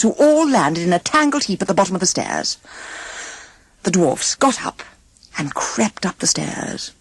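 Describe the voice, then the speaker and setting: A woman narrating a children's storybook audiobook with a highly expressive, animated delivery. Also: vocal fry, breathy edge, no echo. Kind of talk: storybook reading.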